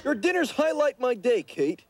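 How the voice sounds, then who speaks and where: A man's voice: extremely high pitch, very animated, normal speed. A man voicing a sarcastic, wisecracking furry male alien in a 1980s sitcom. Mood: teasing. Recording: hissy old TV tape with laugh track.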